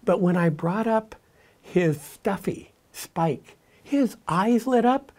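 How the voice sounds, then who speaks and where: A man's voice: high voice, expressive, takes it slowly, a little mellow. An older man, a grandfather, telling plainspoken stories in a conversational, reflective way. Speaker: grandfather sharing parenting advice. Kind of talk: reflective storytelling talk.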